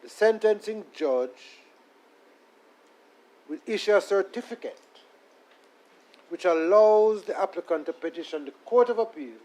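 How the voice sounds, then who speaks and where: A man, a lawyer making a deferential, measured legal argument in court and reading his submissions aloud. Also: sits high, lively intonation, darkish tone, rough recording. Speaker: defense attorney.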